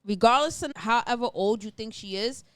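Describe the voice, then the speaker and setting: A woman's voice: a little high, a little fast, no echo. A middle-aged woman co-hosting a podcast, talking bluntly and emphatically with plenty of profanity. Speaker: podcast co-host. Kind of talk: casual opinionated chat.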